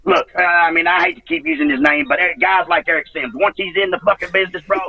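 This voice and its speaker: A man's voice: high-pitched, fairly even intonation, fast talker, sharp tone, breathy edge, no echo, distant mic, lo-fi sound. A middle-aged man, telling rambling, profane wrestling stories as an interview guest. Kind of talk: casual storytelling interview.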